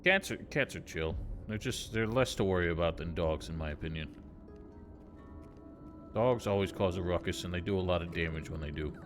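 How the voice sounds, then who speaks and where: Man, game streamer, low voice, laid-back, rambling, faint music behind. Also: moderate pace, a bit bright. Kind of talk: casual gameplay commentary.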